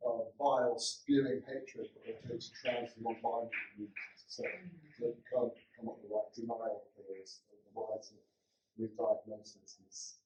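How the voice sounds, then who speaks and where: A man's voice: lowish voice, level tone, moderate pace, dark tone. Man, earnest audience member, far from the mic, roomy echo. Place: back of an echoey meeting room. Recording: distant and echoey, far from the mic.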